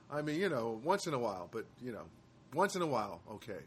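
A man's voice: mid-range voice, big pitch swings, fast talker, a bit bright, husky. A man hosting his own show from a studio apartment, telling stories in a rambling casual monologue with wry asides and many hesitations.

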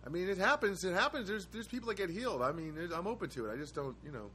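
A man's voice: high-pitched, animated, fast, sharp tone, a little hiss or hum. A man hosting his own show from a studio apartment, telling stories in a rambling casual monologue with wry asides and many hesitations.

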